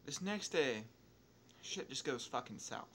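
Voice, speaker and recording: A young YouTuber casually tells a story over gameplay, rambling loosely with restarts and asides, swearing in almost every sentence and stopping to correct himself. His voice is at an ordinary pitch but excitable, swinging quickly into loudness when he gets worked up, with faint noise humming underneath.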